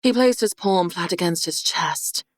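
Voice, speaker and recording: A woman narrates a fantasy audiobook in measured, even storytelling. Her voice sits on the lower side for a woman. The recording is dry and close, with no room sound. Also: dry recording.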